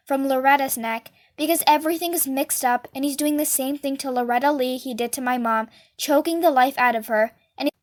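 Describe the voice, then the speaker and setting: High-voiced woman reading aloud. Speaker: book reader. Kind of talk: read-aloud storytelling.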